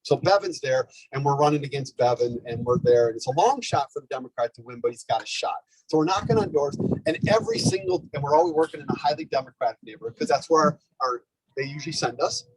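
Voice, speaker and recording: A man giving a lively, conversational speech to a live audience at a community organizing event, often checking in with "okay?" and "right?". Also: medium pitch, fast, slight background noise, poor audio. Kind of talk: energetic storytelling speech.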